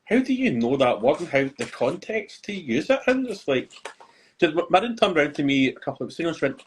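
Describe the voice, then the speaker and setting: A man's voice: fairly high pitch, big pitch swings, fast, slight background noise, poor audio. Easygoing older man telling stories. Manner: easygoing anecdotal storytelling. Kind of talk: casual chat.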